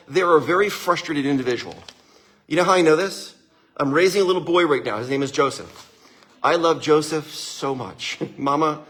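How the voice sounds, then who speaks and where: A man giving an energetic, conversational motivational talk to live viewers, often checking in with listeners and acting out the people he quotes. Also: fairly high pitch. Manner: acts out quoted voices. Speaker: motivational speaker.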